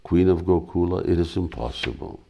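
A man's voice: low-pitched, normal speed, gravelly, mellow. A man voicing a wise elderly female ascetic in a read-aloud drama, in a stern, plainly read manner.

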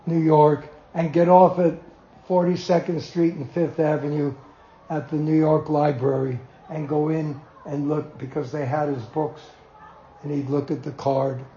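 An older man slowly telling a personal anecdote to a small group, acting out quotes and laughing as he goes. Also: a little high, reverberant, lo-fi sound, slight background noise. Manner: slow, animated storyteller who acts out quotes and chuckles. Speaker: devotee telling memories.

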